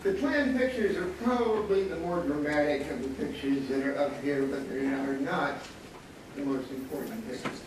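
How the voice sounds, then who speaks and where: A man in his seventies with a slightly high voice and moderate pace tells stories at a panel talk, where he appears as a former student photographer. His anecdotes are wry and punctuated by frequent chuckles. The recording has an echoey hall, a distant mic and audible noise.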